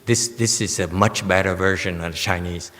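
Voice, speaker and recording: A man's voice: sits low, steady tone, moderate pace, a bit bright, big-room sound. A man as a Buddhist master giving a dharma lecture on a sutra, blunt and teasing, often checking in with "okay?". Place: temple lecture hall.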